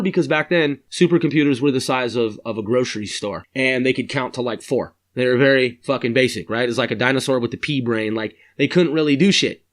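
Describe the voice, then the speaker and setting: A man's voice: mid-range voice, a little fast, hardly any pauses. A middle-aged man casually explaining a screenplay in a rambling, profane way, acting out the voices of the characters he describes.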